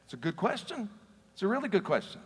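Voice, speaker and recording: A man's voice: high-pitched, very animated, quick pace, slightly rough. A man preaching a conversational sermon as pastor, earnest and storytelling, often repeating words as he starts a sentence. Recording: long reverb of a large hall.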